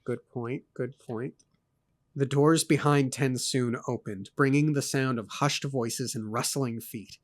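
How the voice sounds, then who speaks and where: A man reading a fantasy novel aloud for a podcast, in steady narration broken by dry, joking asides. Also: mid-range voice, slow pace.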